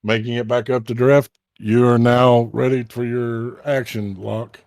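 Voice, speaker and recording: A man's voice: medium pitch, little pitch movement, a little slow, a little mellow, dry recording. A man running a tabletop game as game master, calling out damage and rolls matter-of-factly.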